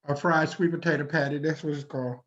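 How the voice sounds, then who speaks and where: A man's voice: fairly high pitch, steady tone, fast, a bit bright, dull audio. A man hosting over a video call, chiming in with brief prompting replies in casual chat.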